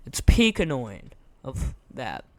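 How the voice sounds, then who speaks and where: A young man giving casual, rambling gameplay commentary, his voice going hoarse, slangy and repeating himself. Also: mid-range voice, wildly swooping pitch, slow, a little mellow, no echo. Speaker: gaming content creator.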